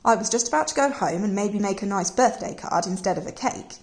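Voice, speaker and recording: A sly male wolf from a storybook tells his side of things in a chatty, wheedling tone, read aloud by a woman. The delivery is gentle storybook narration, aggrieved and a little sly rather than fierce. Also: medium pitch, lively intonation, brisk, natural voice.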